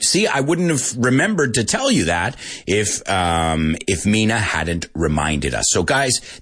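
A man's voice: fairly low pitch, a bit bright, slightly rough. A man hosting an English lesson show, talking casually and animatedly, often laughing and slipping into Spanish. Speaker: English teacher host. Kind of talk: energetic radio show chat.

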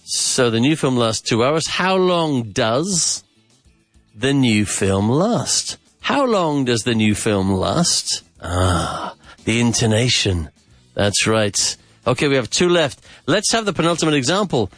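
A man's voice: mid-range voice, animated, measured pace, fairly bright tone, no room sound, faint music behind. A man hosting a podcast grammar lesson, repeating phrases, drilling questions and dropping in Spanish asides with enthusiasm. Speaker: English teacher and podcast host.

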